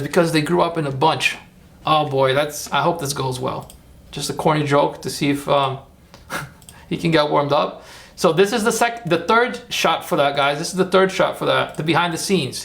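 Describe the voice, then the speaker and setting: A man's voice: fairly high pitch, gravelly, a bit bright. A man hosting a casual livestream, chatty and rambling as he talks viewers through his steps and cheers them on. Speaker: livestream host.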